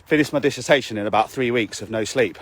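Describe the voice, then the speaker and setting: A man's voice: mid-range voice, quick pace, no echo. A man, a fitness coach, giving a blunt, sweary motivational talk to his camera while out walking, often asking "okay?". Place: outdoors on a walk.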